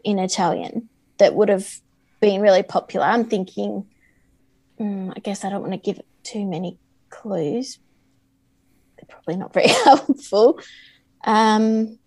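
A woman's voice: on the high side, a little slow, pauses often, darkish tone. A woman taking part in a casual trivia quiz, thinking aloud and hesitating. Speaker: quiz contestant. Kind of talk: casual quiz show banter.

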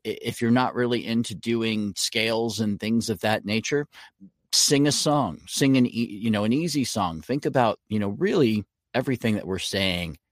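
A man's voice: lowish voice, no echo, studio quality. A man, a voiceover coach, giving instructive advice as a guest in a podcast interview.

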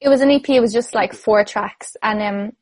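A woman's voice: medium pitch, brisk, a little mellow, dry recording. Chatty Irish woman singer, dry sound. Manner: chatty and enthusiastic, many fillers. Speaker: singer guest. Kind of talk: casual interview chat.

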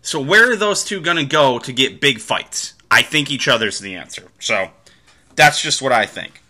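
A man's voice: mid-range voice, lively intonation, moderate pace, sharp tone. A man hosting a podcast, talking through fights in casual sports commentary, rambling with restarts and the odd swear. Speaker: podcast host.

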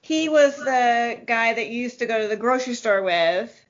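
A woman hosting a casual podcast chat who keeps things moving with friendly questions. Her voice is fairly high, and the recording sounds dull and lo-fi. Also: moderate pace. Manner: asks friendly follow-up questions. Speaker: podcast host.

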